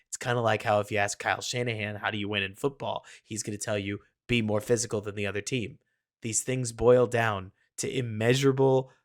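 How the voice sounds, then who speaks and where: Hedging, analytical man on a sports podcast. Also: lowish voice. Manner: hedging, self-aware, addresses co-host by name. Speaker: podcast co-host. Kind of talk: casual sports podcast chat.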